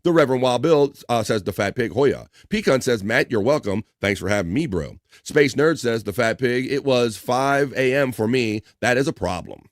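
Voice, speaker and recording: A man's voice: medium pitch, lively intonation, normal speed, few pauses, no echo, studio quality. A man hosting a live stream, loosely chatting, swearing casually and reading out viewer comments.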